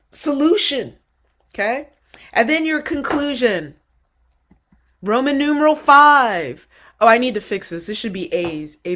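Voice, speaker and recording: A woman instructor with a somewhat high voice talks students through a writing assignment. She is animated and coaxing, pressing them for more. She keeps checking in with "okay?" and calls the class "you guys.". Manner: direct, addresses students as "you guys" and "y'all". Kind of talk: recorded online course walkthrough.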